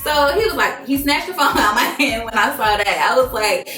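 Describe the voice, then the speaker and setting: A young woman spills a dating story to her viewers, animated and profane, acting out every quote. Her voice sits a little high. The room is echoey, with faint music underneath. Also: a little fast. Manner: animated, swears freely, acts out quotes. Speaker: vlogger. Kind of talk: storytime vlog.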